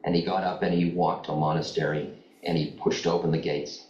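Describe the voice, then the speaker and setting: Very deep-voiced man telling stories in an echoey hall. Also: little pitch movement, a little fast. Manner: wry, candid, conversational, with gentle humor. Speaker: spiritual teacher. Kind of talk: spiritual talk with storytelling. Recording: echoey, distant, dull archival lecture tape.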